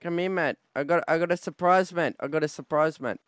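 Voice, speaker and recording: A man taunting in game roleplay, high and dry. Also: a little fast, clean tone, no echo. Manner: brash taunting, tacks "mate" onto every line. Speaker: streamer playing a roleplay character. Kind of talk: in-character game roleplay trolling.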